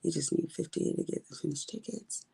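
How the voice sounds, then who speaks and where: Middle-aged Texan woman, warm and chatty, a livestream host who rambles and says honey a lot. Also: deep voice, brisk, creaky, a little hiss or hum. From Texas. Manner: chatty, rambling, calls viewers honey and baby. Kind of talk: casual chat with viewers while diamond painting.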